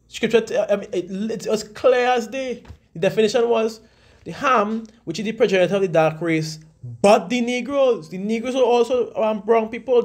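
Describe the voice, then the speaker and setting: A man giving a casual scripture lesson, talking conversationally and slowing down to read definitions aloud. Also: high-pitched. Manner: frequent fillers and restarts. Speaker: religious teacher.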